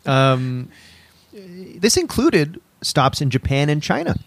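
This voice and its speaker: A man co-hosting a casual comedy podcast, jokey and animated, laughing often. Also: a little high, takes it slowly, creaky. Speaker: podcast co-host.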